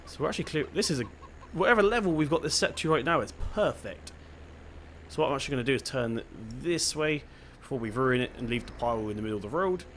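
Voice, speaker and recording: A man's voice: mid-range voice, lively intonation, quick pace, fairly bright tone, a little hiss or hum. A young man with a Devon accent, chatting casually and thinking aloud while he plays a farming game. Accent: Devon English. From England (Devon). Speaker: gaming channel host. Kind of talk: casual gameplay commentary.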